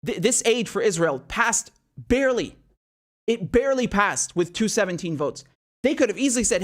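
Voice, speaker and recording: A man hosting a political commentary show, ranting in outrage with rapid rhetorical questions and frequent swearing. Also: sits high, animated. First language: not American.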